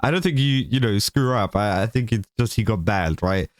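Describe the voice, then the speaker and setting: A man's voice: lowish voice, normal speed, no room sound, studio quality. A man hosting a casual commentary video, rambling with lots of fillers and small laughs. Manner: rambling, many fillers, laughs between points. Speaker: commentary channel host.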